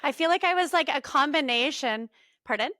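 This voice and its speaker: A bubbly woman co-hosting a chatty podcast, laughing easily as she talks. Her voice sits a bit high and sounds dry and close, recorded in a hotel room. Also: lively intonation, a little fast, pushed and bright, no echo. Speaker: podcast co-host. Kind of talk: casual chat.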